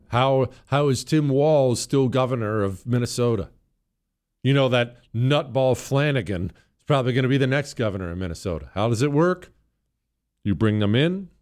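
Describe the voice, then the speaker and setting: A man hosting a talk show, giving sarcastic, ranting commentary. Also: mid-range voice. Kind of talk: opinionated commentary.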